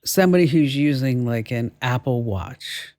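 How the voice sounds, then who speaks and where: A woman with a New Jersey accent hosting a tech radio show, chatty and quick to laugh as she interviews a guest. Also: extremely low pitch, a little mellow, dry recording, clean studio sound.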